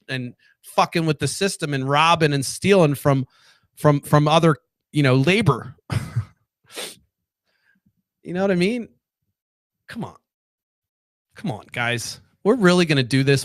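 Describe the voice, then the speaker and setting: A sarcastic man rants loosely to his viewers, swearing freely and wandering off on tangents. His voice sits a bit higher than most men's. The sound is close and dry, with no room around it. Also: dry recording. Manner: profane, rambling, sarcastic. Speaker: political commentary host. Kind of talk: casual solo rant to camera.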